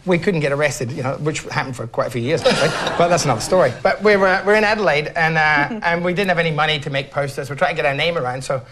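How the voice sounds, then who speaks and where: A man's voice: fairly high pitch, quick pace, few pauses, a bit bright, a little hiss or hum. A man, a guest on a comedy panel, who rambles with lots of fillers and swears freely. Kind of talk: casual panel banter.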